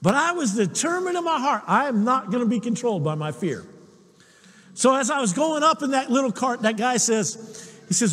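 A man preaching a sermon, telling personal stories in an animated way and chuckling often. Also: very high voice, moderate pace, slightly rough, long reverb tail. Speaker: pastor.

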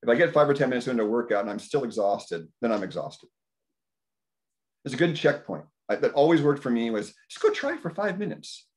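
This is a health practitioner in his fifties talking a little fast at an indoor community dinner gathering. His talk is loose and anecdotal, animated, with his inner thoughts acted out in a raised voice.

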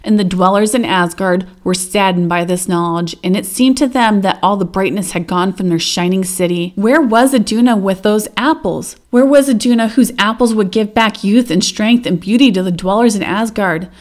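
A woman reading an old myth aloud as a narrator, gentle and measured. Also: mid-range voice. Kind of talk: storybook read-aloud narration.

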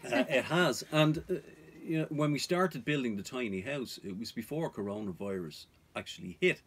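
A man's voice: mid-range voice, animated, normal speed, slight background noise. A man vlogging about off-grid life, talking to viewers in an earnest, cautionary way. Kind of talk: casual advice to viewers.

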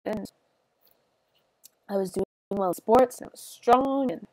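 A young adult woman chatting on a livestream while she plays, soft and halting with many fillers, tearful and sniffly. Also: medium pitch, dry recording. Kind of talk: casual stream chat while gaming.

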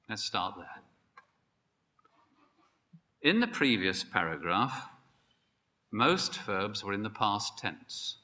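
A man preaching a sermon, emphatic and building to excited peaks. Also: lowish voice. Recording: long hall reverb.

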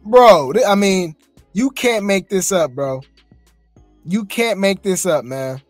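A gossip host reacts to clips in a lively, swinging delivery, slangy and disbelieving. The mic is dry and close, with faint music underneath. It sounds like a home commentary setup. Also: medium pitch, takes it slowly, no echo. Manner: incredulous, chatty, slangy.

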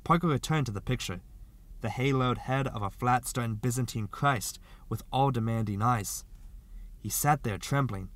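A man narrating a literary short story as an audiobook reader, in a steady, expressive way. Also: mid-range voice, moderate pace.

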